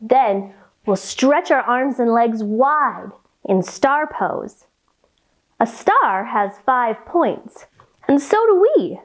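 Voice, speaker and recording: A woman's voice: fairly high pitch, sing-song, slow. A woman guiding a children's yoga class in a playful, sing-song, coaxing way. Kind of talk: guided kids' yoga class.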